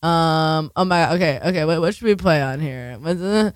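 A woman's voice: low voice, moderate pace, no echo, clean studio sound. A young woman hosting a community radio talk show, rambling and swearing as she tells stories. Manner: profane, rambling, animated. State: tired.

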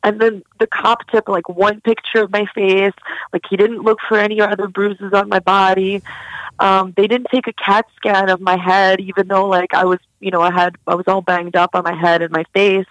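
A woman's voice: medium pitch, flat delivery, normal speed, no echo, poor audio. A young woman recounting a personal story in an interview, casual and candid with many fillers. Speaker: guest.

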